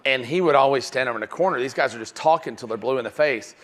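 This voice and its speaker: A man's voice: medium pitch, quick pace. Guy running a sales seminar, fired up, keeps saying "right?", talks right to the crowd. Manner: animated, keeps asking "right?". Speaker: sales trainer. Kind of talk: live seminar talk.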